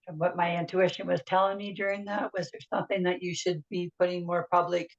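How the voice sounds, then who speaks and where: Woman host with a dull, lo-fi sound. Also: fairly low pitch. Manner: enthusiastic, affirming listener. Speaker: podcast host.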